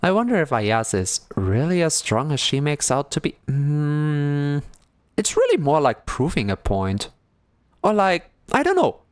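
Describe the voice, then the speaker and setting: Animated, giggly visual novel streamer. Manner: chatty and giggly, muses aloud about the story; bursts into high excited squeals when greeting. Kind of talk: live-stream gameplay commentary.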